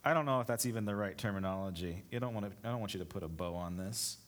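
A man preaching a sermon, easygoing in his asides and slow and deliberate when he reads scripture. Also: lowish voice. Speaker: pastor.

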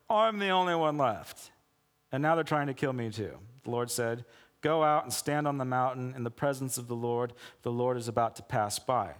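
Male pastor, mid pitch, emphatic sermon voice that climbs into pressing questions. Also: a bit bright, big-room sound. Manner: emphatic preacher, rising to urgent appeals.

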